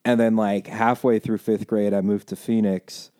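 A young man with a slightly low, dark, mellow voice chats loosely with friends, wandering through his story. He is recorded close and dry, with no room sound. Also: level tone, normal speed, no room sound. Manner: rambling, many "like" fillers. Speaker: podcast co-host. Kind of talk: casual chat.

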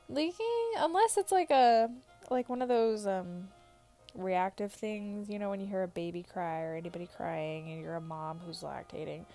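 Giggly young mom, casual vlog chat, mellow and slightly high, soft music underneath. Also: female voice. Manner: chatty, giggly, lots of "like" fillers. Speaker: new mom answering viewer questions.

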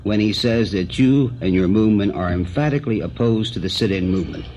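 A man's voice: on the low side, a little fast, a little mellow. A man moderating a televised panel debate, speaking formally and pressing guests with repeated questions. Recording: dull lo-fi archival broadcast with faint hiss.

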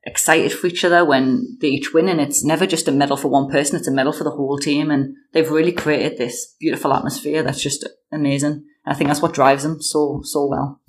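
A woman in her thirties from the United Kingdom, a guest chatting casually in an interview, with lots of fillers and animated storytelling. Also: deep voice, brisk, few pauses, slight background noise.

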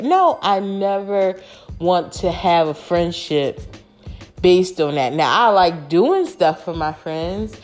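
A woman's voice: fairly low pitch, lively intonation, slow pace, a little mellow, faint music behind. A woman talking straight to camera in a frank, emphatic, casual monologue that has some swearing.

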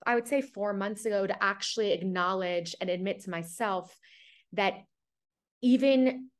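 Woman in her 30s, podcast guest, reflective and thinking aloud, mid pitch. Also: moderate pace. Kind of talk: casual conversation.

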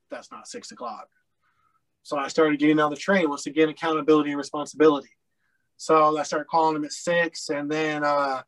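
A man from Colorado with a fairly high voice talks as a podcast guest. He tells his story candidly, rambling through fillers and swearing bluntly. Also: poor audio. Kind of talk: casual storytelling interview.

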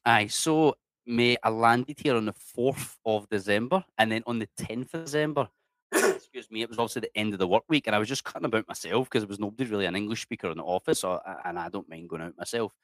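On a dry recording, a low-ish, fairly bright male voice with a Scottish accent moves at a quick pace. The middle-aged guest chats through casual stories in an interview, swears without restraint, and says "mate" a lot.

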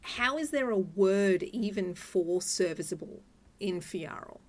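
A woman co-hosting a casual podcast chat, lively, slipping into quoted voices while recounting scenes. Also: mid-range voice, unhurried. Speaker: podcast co-host.

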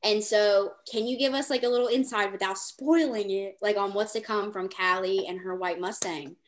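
A woman hosting a podcast, talking in excitable, gushing bursts. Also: medium pitch, moderate pace, a little hiss or hum. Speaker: podcast host. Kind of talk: casual podcast chat.

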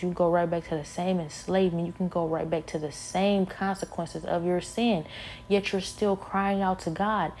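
A weary woman preaching an impassioned sermon. She is emphatic and repetitive, and her talk builds to forceful peaks. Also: lowish voice, a little hiss or hum.

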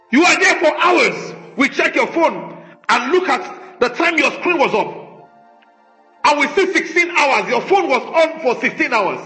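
A man's voice: very high voice, pushed and bright. A man preaching a sermon as pastor, emphatic and rhetorical, scolding his congregation. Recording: echoey room with faint music.

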